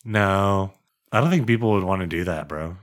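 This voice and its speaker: A man's voice: deep voice, moderate pace. A man co-hosting a podcast in casual chat, laid-back and teasing, often calling his friend bro. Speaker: podcast co-host.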